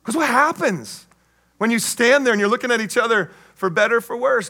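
Male pastor, high and bright voice, lively storytelling sermon delivery. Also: fairly quick. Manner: animated storyteller, acts out voices, laughs.

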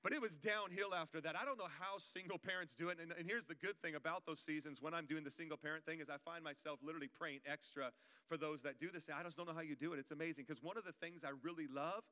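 A man's voice: on the high side, quick pace, pushed and bright. A male pastor preaching a sermon in a conversational, joking way, calling out to the congregation. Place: church auditorium. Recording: long reverb of a church hall.

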